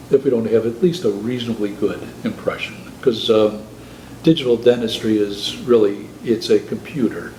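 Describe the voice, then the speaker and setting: An older man speaks at a middle pitch, thoughtful and halting, often restarting his sentences. The recording carries a roomy echo with a faint hiss behind it. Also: a little mellow. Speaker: guest prosthodontist. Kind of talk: conversational interview.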